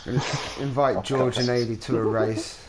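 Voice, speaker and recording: A man's voice: medium pitch, steady tone, normal speed, a little hiss or hum. A man hosting a charity gaming stream, chatting in a friendly, upbeat way with friends on a call. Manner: upbeat, friendly, says mate. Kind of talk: casual chat over voice call.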